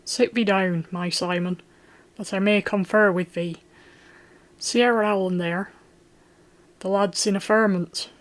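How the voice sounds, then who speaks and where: A reader voicing a blustering, hot-tempered middle-aged medieval lord who speaks gruffly in old-fashioned speech, in an audiobook. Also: mid-range voice, fairly even intonation, a little slow, long pauses, lightly acted. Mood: gruff hearty. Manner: gruff, loud, archaic speech. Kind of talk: audiobook character voice.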